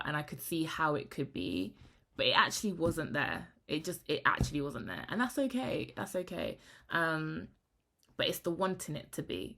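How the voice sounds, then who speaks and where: A young woman, talking frankly to camera in a rambling, animated vlog. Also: low-pitched, creaky. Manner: rambling, frank and animated, often trailing into hushed asides. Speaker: vlogger.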